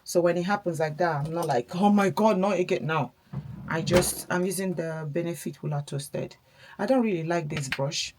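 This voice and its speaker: A woman's voice: sits low, moderate pace, background noise. A woman chatting casually while doing her makeup, a mother talking in a reflective, encouraging way. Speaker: beauty vlogger, mother.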